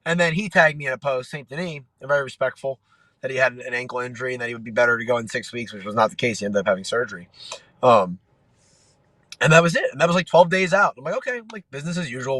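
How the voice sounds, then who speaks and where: A man's voice: mid-range voice, no room sound. A man in his thirties, a guest on a podcast, telling stories in casual chat with frequent laughter, acting out quotes. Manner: laughing, animated storyteller who acts out quotes. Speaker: podcast guest, MMA fighter.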